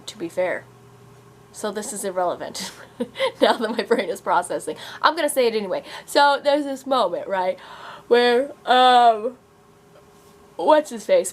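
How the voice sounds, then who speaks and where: A woman in her twenties rants to her camera at home, rambling and sarcastic, often breaking into small laughs. Her voice sits at an ordinary middle pitch. A faint background hum runs under the recording. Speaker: novelist and vlogger. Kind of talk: casual rant vlog. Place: room at home, growing dark. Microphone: camera mic.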